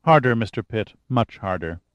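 A man's voice: on the low side, lively intonation, normal speed, no echo, natural voice. A man voicing a stern, determined woman scientist who speaks impatiently and sharply in an audiobook.

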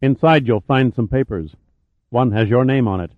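A man's voice: mid-range voice, normal speed, dry recording, close to an everyday voice. A man voicing a cool, cynical adventurer. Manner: calm, casual, dry. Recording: tinny phone-like audio.

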